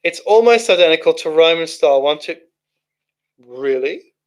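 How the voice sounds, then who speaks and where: Chatty man, slightly high voice. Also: lively intonation, moderate pace. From Australia. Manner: chatty, rambling, thinks aloud with restarts. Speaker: livestream host reading chat. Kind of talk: casual live chat.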